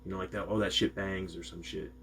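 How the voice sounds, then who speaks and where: A man's voice: sits low, little pitch movement, quick pace, vocal fry, fairly bright tone, slight background noise. A man from Maine co-hosting a music reaction video, chatting in a rambling, laid-back way with lots of slang. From Maine, USA. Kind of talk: casual reaction chat.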